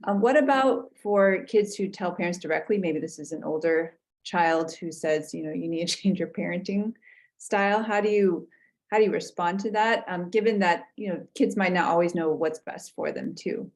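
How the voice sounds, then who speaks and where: Woman host, low voice, hesitant questions, lots of fillers. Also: moderate pace, darkish tone. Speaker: host relaying audience questions. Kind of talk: casual talk show questions.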